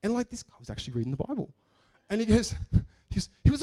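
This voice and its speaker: Talking very fast in a high-pitched voice, a preacher tells stories in a playful, conversational sermon. He jokes around and performs the quotes and characters with lively energy.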